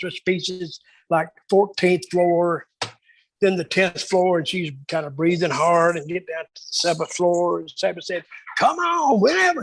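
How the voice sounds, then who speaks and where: A man with a somewhat high, slightly bright voice tells rambling backstage stories as a guest in a casual interview, acting out other people's lines. The low-quality recording carries a little hiss or hum.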